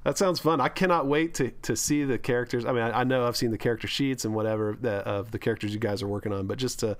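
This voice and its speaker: A man's voice: mid-range voice, quick pace. A man hosting a tabletop gaming podcast, upbeat and encouraging as he steers the chat to the next segment. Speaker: podcast host. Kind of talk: casual chat.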